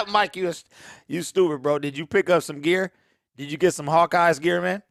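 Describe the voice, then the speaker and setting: A man's voice: a little high, moderate pace, creaky, no echo, clean studio sound. A man hosting a live-stream watch party, chatting casually and joking with viewers by name. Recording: loud hip hop music playing over voice.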